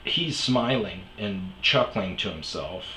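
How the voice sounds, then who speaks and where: Host, male, lowish voice, rambling cursing storyteller, roomy sound. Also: expressive, slow pace, bright, forceful tone, a little hiss or hum. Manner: profane, rambling anecdotes. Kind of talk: comedic storytelling podcast.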